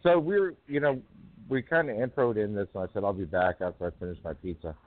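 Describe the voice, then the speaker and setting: A man hosting a poetry call-in radio show, rambling and halting with many fillers. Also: on the low side, no room sound. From North Carolina. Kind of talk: casual call-in chat. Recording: tinny phone line.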